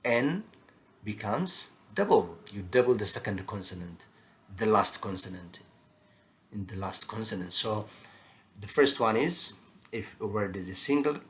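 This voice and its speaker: Slow, halting male teacher. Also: lowish voice, animated, a bit bright. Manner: halting, frequent filler pauses, slow and deliberate explanations. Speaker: English teacher. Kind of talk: grammar lesson.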